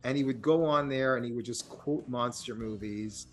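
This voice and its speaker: Male podcast host, mid-pitched, chatty and rambling, self-mocking. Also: moderate pace. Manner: rambling, animated storytelling with self-mocking laughs. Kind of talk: casual film chat.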